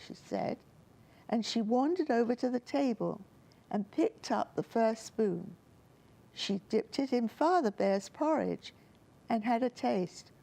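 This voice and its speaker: Woman reading kids story, gentle n expressive, mellow, bit gravelly, voice goes up n down a lot. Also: a little high, slow. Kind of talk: reading a children's story aloud.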